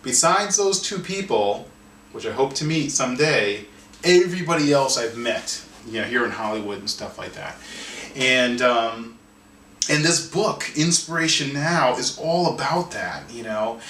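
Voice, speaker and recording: Bright-voiced man telling a story. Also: mid-range voice, measured pace, a little hiss or hum. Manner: animated storyteller, frequent restarts and repeated words. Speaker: artist and author. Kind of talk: storytelling in an interview. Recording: roomy sound from a distance, faint ambience.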